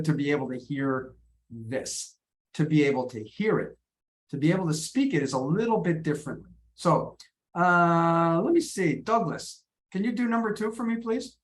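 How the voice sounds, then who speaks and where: An American man teaching English in an online lesson, explaining in a halting way and often repeating words. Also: on the high side, animated.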